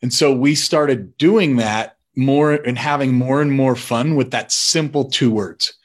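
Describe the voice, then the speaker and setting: Unhurried father telling family stories. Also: mid-range voice. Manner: animated, acts out family members' voices. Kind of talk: personal storytelling.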